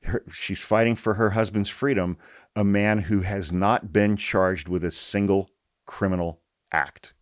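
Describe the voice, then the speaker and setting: With a lowish, fairly even voice and a slightly slow pace, this man hosts a political podcast and reads an article aloud. He's blunt and heated, swears often and repeats points for emphasis, on a dry, studio-quality recording.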